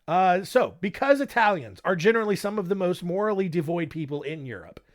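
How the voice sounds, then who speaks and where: Lively, joking podcast host man. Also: high voice, brisk. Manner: joking, irreverent asides. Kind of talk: casual true-crime podcast narration.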